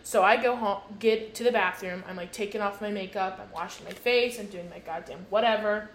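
A woman's voice: mid-range voice, fairly quick. A woman in her twenties co-hosting a podcast, recounting her grievances with exasperation and heavy swearing. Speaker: podcast co-host. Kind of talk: casual storytelling chat. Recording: echoey room with faint noise.

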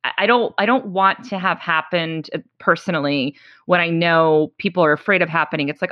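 A woman's voice: on the low side, a little fast, dry recording. A woman podcast host in casual chat, self-mocking and often restarting her sentences. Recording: dry, dull lo-fi sound.

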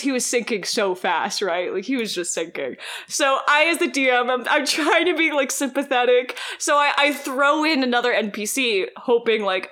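Young woman, guest, casual storytelling, bright, high-ish voice, animated. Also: moderate pace. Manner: animated, laughs often, many fillers. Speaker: podcast guest.

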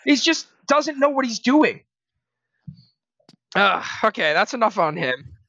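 A man's voice: sits high, big pitch swings, a little slow, gravelly, bright, forceful tone, no echo, lo-fi sound. A young man co-hosting a casual sports podcast, ranting in exasperation, laughing and restarting his sentences. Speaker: podcast co-host.

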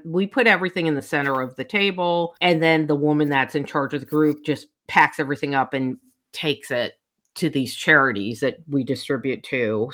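An older woman tells her week's stories in a casual chat. Her voice swings widely in pitch as she acts out what others said. It sounds bright and a little low, and she talks bluntly, with swearing. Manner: animated, acts out quoted people with big pitch jumps, blunt and profane. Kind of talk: casual chat, telling anecdotes.

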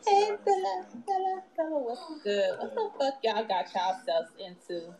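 A woman calling out loud, sing-song greetings on a live stream. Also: a little high, sing-song, normal speed. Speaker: stream participant. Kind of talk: casual greetings.

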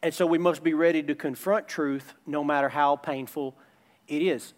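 A man's voice: a little high, steady tone, moderate pace. A man preaching a sermon as a pastor, emphatic and returning again and again to his key phrases.

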